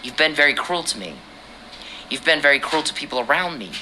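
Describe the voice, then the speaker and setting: Woman on her podcast, bright edgy voice, calling a guy out and cussing, faint hum behind. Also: sits low, animated, a little fast, low-quality recording. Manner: confrontational, addresses a man directly, swears. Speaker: podcast host. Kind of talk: angry personal monologue.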